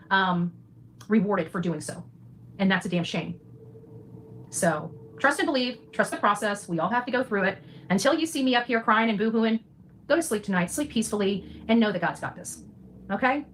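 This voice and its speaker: A woman's voice: mid-range voice, lively intonation, normal speed, a little hiss or hum, rough recording. A woman in her forties speaking straight to her viewers, defiant and reassuring, preachy, and often tagging lines with "okay?". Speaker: citizen journalist livestreamer. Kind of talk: direct address to viewers.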